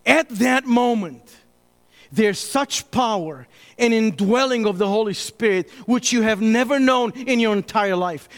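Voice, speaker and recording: High-voiced preacher in a reverberant hall. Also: male voice. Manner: dramatic preaching with long pauses and sudden drops to a hush. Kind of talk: sermon.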